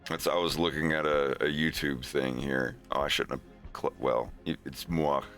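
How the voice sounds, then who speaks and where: A man's voice: a bass voice, steady tone, moderate pace, a bit bright, faint music behind. A man streaming, chatting casually in a rambling, sarcastic way and laughing often.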